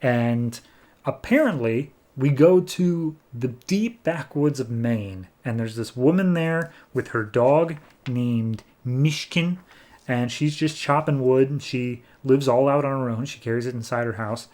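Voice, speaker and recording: A man's voice: mid-range voice, unhurried, darkish tone. A man hosting a comic book podcast, retelling a story in a loose, rambling way full of "like". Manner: loose and rambling, heavy use of "like". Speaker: podcast host. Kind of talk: casual comic book recap.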